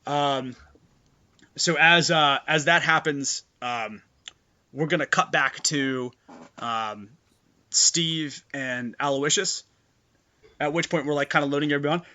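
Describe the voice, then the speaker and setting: A man's voice: on the high side, slow pace, pauses often, bright, forceful tone. A man narrating as game master for a tabletop game, loose and full of fillers.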